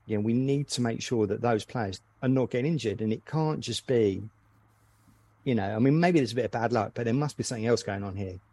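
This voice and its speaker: A man's voice: mid-range voice, brisk, mellow. A man in casual podcast chat, sounding glum and frustrated. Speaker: podcast co-host.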